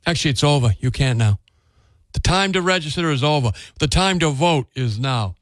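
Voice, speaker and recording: A man's voice: a little high, expressive, brisk, no room sound. A man hosting a call-in radio talk show, chatting casually and often restarting words. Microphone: studio microphone.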